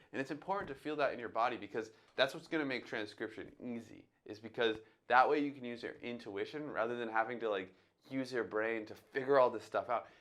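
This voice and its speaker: A man's voice: medium pitch, a bit bright. Man teaching jazz drum transcription. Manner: talks through his thinking, sings drum sounds aloud. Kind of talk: casual instructional talk.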